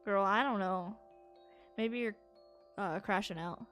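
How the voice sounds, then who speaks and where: A young woman streams a video game in loose, chatty commentary, cursing freely and breaking into laughter often. Her voice sits at an ordinary middle pitch. Soft game music plays faintly underneath. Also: slow pace. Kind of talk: casual gameplay commentary.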